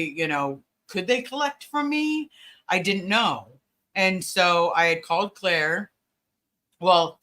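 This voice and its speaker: Bright-voiced woman chatting on a livestream. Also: on the low side. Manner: greets viewers by name, chatty, many fillers. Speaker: livestream host. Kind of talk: casual livestream chat.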